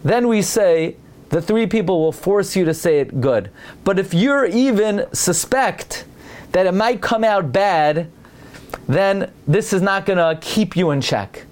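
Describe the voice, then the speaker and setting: A man's voice: sits high, measured pace. A man giving a Torah class, reading Hebrew lines and explaining them in English, sometimes acting out a sneering tone for an example. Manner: animated, mimics a sneering tone for examples. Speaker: Torah teacher. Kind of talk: lecture reading a Hebrew text and translating.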